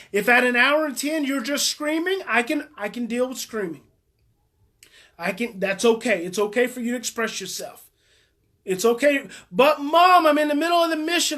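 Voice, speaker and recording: A woman's voice: fairly high pitch, fairly bright tone. A woman parenting coach giving live advice, speaking emphatically and repeating her key points as she coaches listeners directly.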